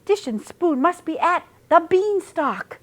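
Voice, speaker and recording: A woman's voice: very high-pitched, sing-song, slow pace, voice pushed up, exaggerated voice. A woman voicing a brave, grumpy little female dog who speaks boldly in a storybook reading. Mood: spirited. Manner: bold, spirited.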